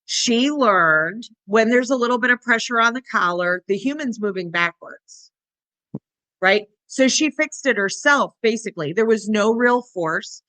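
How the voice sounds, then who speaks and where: A woman co-hosting a podcast about dog training, talking in a relaxed, chatty way. Her voice is bright and forward, recorded dry and close with no room sound. She slips into quick little voices for the dogs and their owners. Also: a little high, no room sound. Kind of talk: casual podcast conversation.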